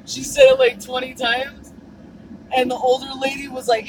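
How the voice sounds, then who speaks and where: Giggly high-voiced woman vlogging. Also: normal speed, noisy background. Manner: giggly, animated storyteller. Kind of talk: casual vlog chat. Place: in a car and outdoors at dumpsters.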